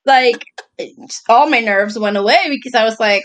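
High-voiced chatty woman. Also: moderate pace, fairly bright tone. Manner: chatty, laughs often, addresses friend as girl. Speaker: podcast co-host. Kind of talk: casual storytelling chat.

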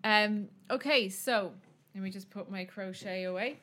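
An Irish woman spins a true story for her podcast co-host. She chats loosely, full of fillers and swearing, at a steady middle pitch. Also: unhurried. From Ireland. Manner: chatty, profane, many fillers. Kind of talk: casual storytelling chat.

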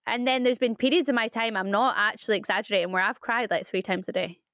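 A woman's voice: on the high side, steady tone, fast, a bit bright, no echo, clean studio sound. A young woman co-hosting a podcast, talking candidly in casual chat and laughing often. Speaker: podcast co-host.

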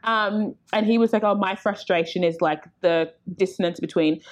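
A woman in casual conversation, talking frankly and with lots of energy. She slips into quick impressions of other people as she tells her stories, with her pitch in the middle range. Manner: candid and animated, acts out quoted voices. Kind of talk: casual chat.

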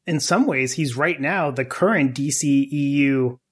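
A man with a mid-range, slightly rough voice hosts a casual podcast. He tells a story animatedly and a little slowly, laughing often.

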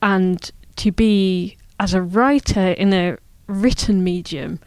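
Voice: mid-range voice, fairly even intonation, takes it slowly, smooth, no echo. Curious interviewer, dry close sound. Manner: curious, engaged, thinks aloud. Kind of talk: conversational interview.

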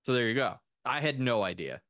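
A man in his thirties chatting on a podcast, telling a long story with enthusiastic, animated asides. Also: mid-range voice, fairly quick, dry recording, clean studio sound. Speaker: podcast co-host. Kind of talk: casual chat.

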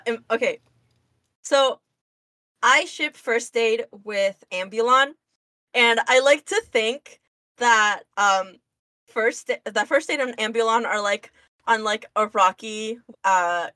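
A woman's voice: a little high, pushed and bright, no echo. A woman co-hosting a casual podcast, recapping a comic with lots of fillers and restarts. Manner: halting, many fillers and restarts. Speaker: podcast co-host.

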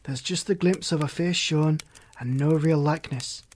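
A man reading the part of a wistful, remorseful grown man, speaking in a measured, reflective way. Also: on the high side, a little mellow, a little hiss or hum, lightly acted.

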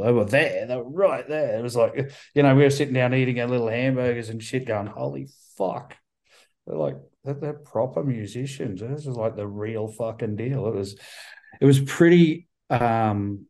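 A man's voice: mid-range voice, dark tone. A man in a casual interview over a video call, rambling and swearing often, with many restarts. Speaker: band member guest.

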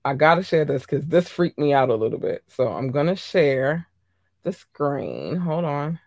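A woman's voice: deep voice, sing-song, a little slow, a little mellow, no echo, studio quality. A woman hosting a casual gossip podcast, talking bluntly and animatedly, swearing freely and repeating herself for emphasis. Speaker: podcast host.

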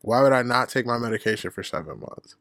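Gravelly candid man telling a story. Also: medium pitch, expressive, fast, fairly bright tone, no echo, studio quality. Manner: profane, candid, laughs at himself. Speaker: podcast host. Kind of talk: casual storytelling monologue.

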